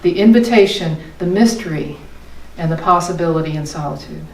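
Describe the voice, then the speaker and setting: A middle-aged woman giving an earnest, emotional sermon as a minister, her voice swinging between soft and passionate. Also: fairly low pitch, a little fast. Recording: echoey room, voice from far off.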